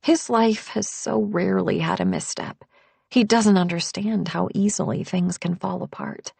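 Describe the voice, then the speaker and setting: A woman narrating a first-person audiobook in a measured, intimate way. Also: on the low side, expressive, creaky, darkish tone, husky, no room sound.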